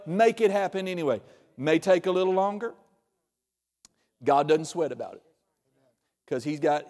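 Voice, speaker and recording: A man preaching a sermon in a church, conversational and joking, with sudden loud bursts. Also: a little high. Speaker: pastor. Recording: long reverb of a large hall.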